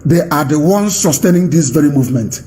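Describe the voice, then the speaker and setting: A Nigerian-accented man delivers a fiery live radio address. His voice sits high, and he hammers his points home by repeating them. His tone is forceful and commanding, and he breaks into shouts. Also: expressive, brisk. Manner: emphatic, repetitive, commanding, rising to shouts. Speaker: movement leader giving a radio address.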